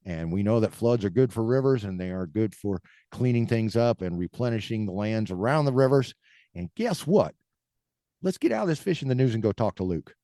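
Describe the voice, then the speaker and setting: A man's voice: lowish voice, lively intonation, mellow, no room sound. Chatty upbeat man with a dry sound. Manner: chatty, upbeat, quick to laugh. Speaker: podcast host. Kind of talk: casual podcast chat.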